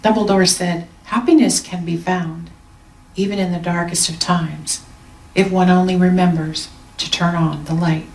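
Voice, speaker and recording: Soft-spoken woman minister, roomy and distant. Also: lowish voice, steady tone. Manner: slow, soft and reflective, with deliberate pauses. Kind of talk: gentle Sunday sermon. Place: church sanctuary. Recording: roomy sound, mic at a distance.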